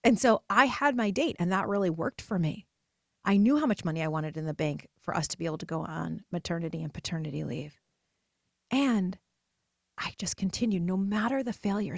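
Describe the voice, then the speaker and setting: A woman's voice: medium pitch, no echo. Woman podcast host, motivational and emphatic, dry close mic. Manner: emphatic, personal, swings between soft and loud. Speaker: podcast host and purpose coach. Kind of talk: motivational solo podcast talk.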